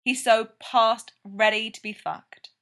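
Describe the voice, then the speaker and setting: A woman reading a story aloud, narrating in a slow, measured way. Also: fairly high pitch, steady tone, fairly bright tone. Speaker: reader of fan fiction.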